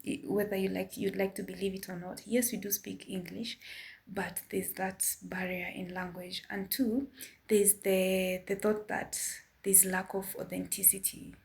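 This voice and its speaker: A woman with a Kenyan accent giving a careful opinion in a casual vlog, measured and a bit apologetic. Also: medium pitch, little pitch movement, vocal fry, darkish tone. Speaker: vlogger.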